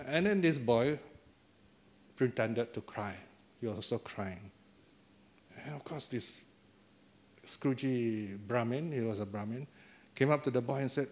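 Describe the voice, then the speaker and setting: A man's voice: medium pitch, animated, a little slow, pauses often. A man giving a dharma talk as a Buddhist teacher, telling a story in a chatty way with chuckles and tag questions to the audience.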